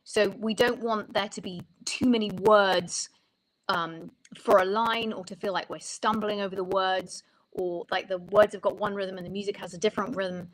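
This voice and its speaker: A woman's voice: medium pitch, steady tone, normal speed, low-quality recording. A woman songwriting coach explaining ideas in an interview, talking thoughtfully and often restarting her sentences.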